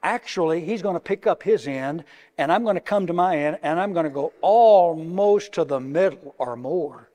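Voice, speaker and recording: A middle-aged man preaching a sermon, moving between hushed, slow words and loud, emphatic passages. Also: a little high. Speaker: pastor. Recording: long reverb of a large hall.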